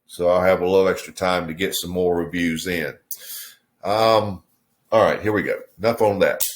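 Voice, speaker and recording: A man casually reviewing a cigar on his video channel, in a relaxed, musing way with many fillers. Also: sits low, normal speed.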